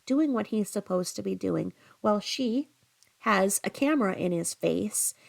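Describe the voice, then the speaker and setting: A woman's voice: mid-range voice, animated, a little slow, creaky. A woman hosting a commentary channel, ranting bluntly and profanely about another online creator. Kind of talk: angry commentary.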